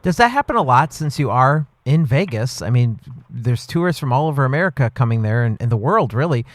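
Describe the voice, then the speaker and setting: A man's voice: medium pitch, big pitch swings, brisk, no echo. Man, podcast host, friendly interviewer, dry close recording.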